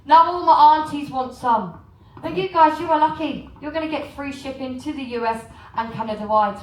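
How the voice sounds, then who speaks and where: English woman, high voice, warm crowd-working presenter on a cruise ship, caught from afar in an echoey room. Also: moderate pace, recorded from a distance. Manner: chatty, joking, asks the crowd questions. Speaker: cruise port shopping presenter. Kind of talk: live sales talk to an audience.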